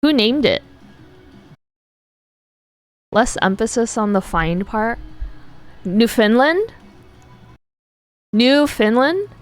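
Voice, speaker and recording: A woman's voice: medium pitch, animated, takes it slowly, pauses often, faint music behind. An American woman streaming, chatting casually with viewers, curious and playful, often laughing. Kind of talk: casual chat with viewers while drawing.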